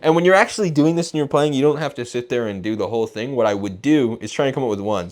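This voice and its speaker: A man giving a casual guitar lesson, talking things through and scat-singing short phrases as he plays. His voice sits in an ordinary middle pitch. Guitar music plays clearly behind him. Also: quick pace, hardly any pauses. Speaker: guitar teacher.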